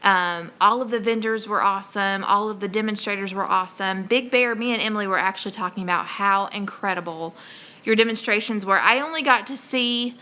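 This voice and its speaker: Chatty, bright-voiced woman host. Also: medium pitch, a little fast. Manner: chatty and excitable, rambling with many fillers. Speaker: homesteading channel host. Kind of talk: casual live-stream chat.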